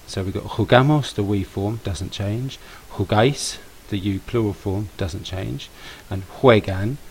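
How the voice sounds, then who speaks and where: A man explains grammar patiently to a class, leaning on key words and repeating them. His voice sits a little low and has a gravelly edge. A faint hiss runs under the recording. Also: rough recording. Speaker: language teacher.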